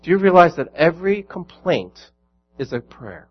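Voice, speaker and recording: A man's voice: on the high side, big pitch swings, moderate pace, husky, highs cut off, soft background music. A man preaching a sermon as pastor, earnest and building to emphatic peaks.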